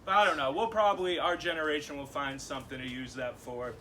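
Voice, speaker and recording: A young man from Massachusetts doing a stand-up set in a comedy club, animated and punchy, with laughing asides. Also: fairly high pitch, fairly quick, hardly any pauses, recorded from a distance, heavy background noise.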